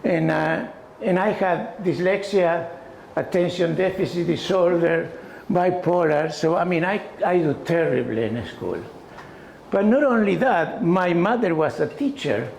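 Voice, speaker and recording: A man's voice: high-pitched, a little slow, gravelly. Older Argentine-born man in an echoey room. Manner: non-native grammar, animated anecdotes, frequent "you know". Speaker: exhibiting photographer. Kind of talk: storytelling artist talk. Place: small arts gallery event. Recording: echoey room, faint background noise.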